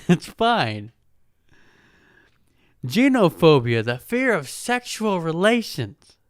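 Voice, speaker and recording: A man's voice: fairly high pitch, sing-song, takes it slowly, no echo, clean studio sound. A man hosting a podcast, riffing in a mocking, profane way and laughing at his own jokes. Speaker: podcast host. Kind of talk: casual comedic monologue. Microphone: podcast microphone.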